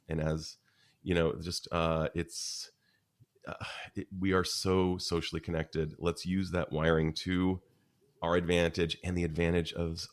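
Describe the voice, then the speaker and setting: A man speaking as a podcast guest, earnest and warm in tone, sometimes stopping to search for the right word. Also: low-pitched. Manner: earnest, searching for words mid-sentence. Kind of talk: conversational interview.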